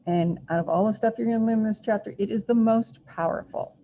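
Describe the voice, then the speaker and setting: A woman's voice: on the high side, fast talker. A woman teaching a recorded math lesson, chatty and self-deprecating, thinking aloud as she draws. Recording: muffled lo-fi recording, faint hiss.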